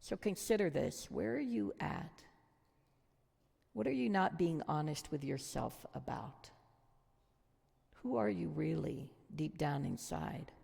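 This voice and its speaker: A woman's voice: low-pitched, animated, slow pace, gravelly, long pauses, mellow, husky. A woman teaching a Bible study lesson, earnest and reflective, putting questions to her listeners. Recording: long hall reverb.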